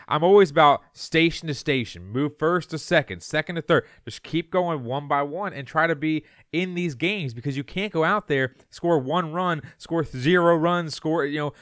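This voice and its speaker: A man's voice: on the high side, moderate pace, few pauses, fairly bright tone, clean tone, no echo, studio quality. A man co-hosting a sports podcast, opinionated and jokey, arguing his point in loose chat over a remote call. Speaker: podcast co-host. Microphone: remote call mic.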